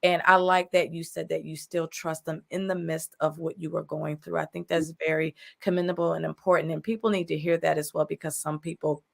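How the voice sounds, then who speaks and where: Affirming woman host, low pitch, gravelly edge. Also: flat delivery, fairly quick, few pauses. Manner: affirming, encouraging listener. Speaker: talk show host. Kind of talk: live chat interview.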